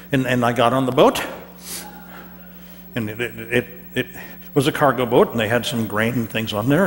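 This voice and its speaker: A man's voice: medium pitch, a bit bright. A man preaching a first-person character sermon in a church, telling the story in a theatrical, chatty way with stammered repeats. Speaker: pastor. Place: church hall. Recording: church hall reverb with faint hum.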